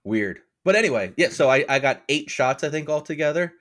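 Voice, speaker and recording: A man's voice: lively intonation, brisk, fairly bright tone. A man co-hosting a casual podcast, telling a rambling story with lots of swearing and laughter. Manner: acts out other people's lines in a lower voice. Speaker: podcast co-host. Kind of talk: casual chat.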